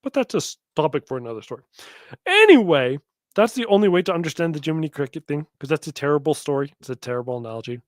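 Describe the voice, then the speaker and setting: A man hosting a podcast, giving sarcastic, mocking commentary on clips he plays, with quick asides. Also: a little high, very animated, no echo, studio quality. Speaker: podcast host.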